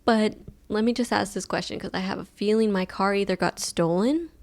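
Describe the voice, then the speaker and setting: A young woman hosting a solo podcast, telling a story in a chill, fairly monotone way, with lots of filler words. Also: medium pitch, fairly quick, gravelly. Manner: chill, laid-back, monotone delivery; rambling with many fillers like "like". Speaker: podcast host.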